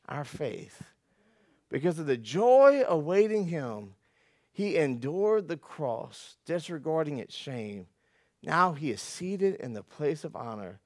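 A man preaching a conversational sermon, telling stories with folksy self-deprecating humor, dropping to quiet asides and climbing to loud, emphatic peaks. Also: on the high side, dry recording, clean studio sound. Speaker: pastor.

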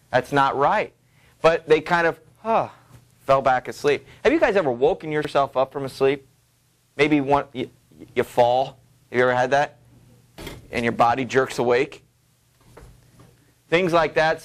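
Man lecturing with many halting fillers. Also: on the high side. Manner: halting, full of fillers, reads passages aloud. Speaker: teacher. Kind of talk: classroom literature lecture.

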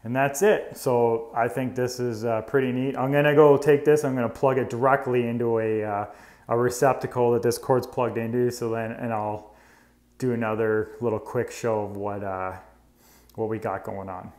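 A man's voice: mid-range voice, fairly even intonation, normal speed, a little mellow. A man, an electrician giving a casual, chatty tool demonstration indoors in an old house and explaining each step.

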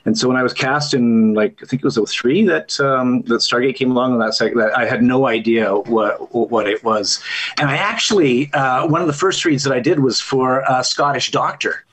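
Actor panelist, male, husky tone, joke-telling storyteller over video chat. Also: medium pitch, moderate pace, a bit bright, low-quality recording. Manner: joking storyteller.

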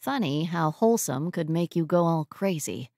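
A woman reading a romantic comedy audiobook as narrator, in an even storytelling manner. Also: deep voice, moderate pace, dry recording, clean studio sound. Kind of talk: scripted narration.

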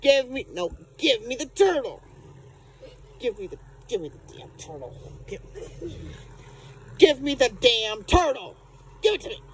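A woman's voice: a little high, sing-song, unhurried, long pauses, a little hiss or hum. A woman, scolding her dogs in a playful, exasperated way at bedtime at home. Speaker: pet owner. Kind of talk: home video vlog.

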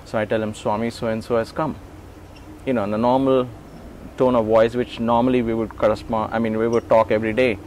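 A man's voice: mid-range voice, quick pace, a little hiss or hum. A man in his forties recounting memories in an interview, acting out the voices in his stories with chuckles and restarts. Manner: animated, acts out quoted dialogue. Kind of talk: storytelling recollection.

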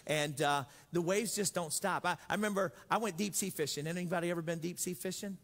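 Man preaching, high voice, lively storytelling, jokes, long hall reverb. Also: fairly quick. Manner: storytelling, joking, acts out voices. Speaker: pastor. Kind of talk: sermon.

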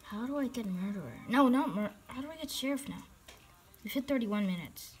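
A woman with a high voice that swings widely up and down, giving live gameplay commentary. She reacts excitably and loudly, then drops to a hushed whisper when she sneaks around in the game. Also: brisk, soft background music. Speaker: gaming channel host.

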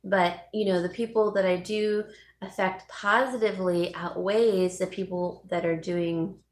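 A woman's voice: on the low side, steady tone, unhurried, reverberant. A woman hosting a casual live vlog from home, chatting with viewers by name and laughing often. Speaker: YouTube host.

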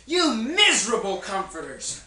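A man's voice: high voice, wildly swooping pitch, measured pace, sharp tone, slight background noise, exaggerated voice. A man playing Job, a suffering man in agony who groans and cries out in a stage play, recorded in an echoey room from far off. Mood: bitter. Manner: anguished, crying out and groaning.

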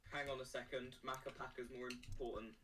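A laid-back, reluctant man chimes in from afar, his voice flat and level. He sounds distant from the mic, and clear noise hangs behind him on the voice-chat audio. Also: medium pitch, a little fast. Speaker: friend on the stream.

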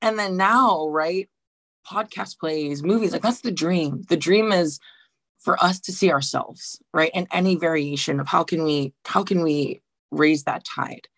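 A woman from Guam who works in theatre, a guest in a casual panel chat over a video call, speaking in an emotional, animated way. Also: low voice, a little slow, no room sound. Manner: emotional, animated, says "right" often.

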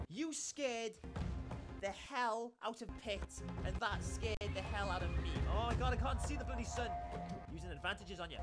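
A man giving excitable let's-play commentary while he plays, exclaiming and swearing often. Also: extremely high pitch, moderate pace, music in the background. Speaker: gaming YouTuber.

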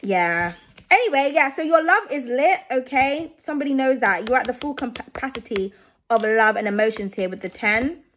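High-voiced woman giving a chatty tarot reading. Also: lively intonation, moderate pace, fairly bright tone. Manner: chatty and reassuring, with frequent "okay?" and "I feel like". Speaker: tarot reader. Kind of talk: casual tarot reading for viewers.

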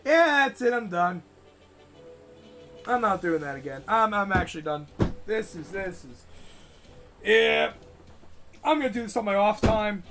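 A man's voice: sits high, expressive, a little slow, pauses often, fairly bright tone, soft background music. A young man live-streaming a game, frustrated, swearing, and talking both to himself and to his chat. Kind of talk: live gameplay commentary.

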